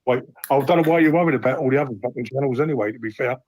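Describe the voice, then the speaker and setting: A man's voice: medium pitch, rapid-fire, darkish tone, low-quality recording. Rambling sweary male phone-in caller. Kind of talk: phone-in chat.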